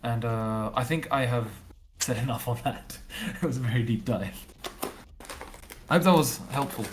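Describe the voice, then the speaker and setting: A man's voice: mid-range voice, normal speed, a little hiss or hum. Rambling man explaining on a livestream. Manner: thinks aloud, rambling with repeated fillers. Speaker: game developer. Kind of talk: casual livestream chat.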